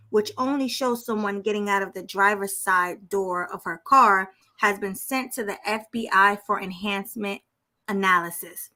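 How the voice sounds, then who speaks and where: A woman's voice: mid-range voice, bright, forceful tone. A woman co-hosting a podcast, reading a news story aloud and chatting bluntly, laughing often. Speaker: podcast co-host.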